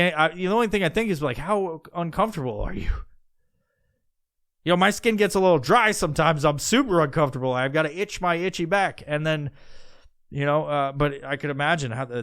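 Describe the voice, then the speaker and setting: A man's voice: a little high, a bit bright, no echo, clean studio sound. Rambling, profane podcast man. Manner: rambling, profane, with many restarts. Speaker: podcast host. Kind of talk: casual rambling monologue.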